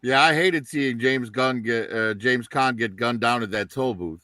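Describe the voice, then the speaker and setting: A man's voice: medium pitch, a little slow, pushed and bright, no echo. A man hosting a casual panel chat, dry and wry as he moves the talk along to the next pick. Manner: dry, wry, steers the show. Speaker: host.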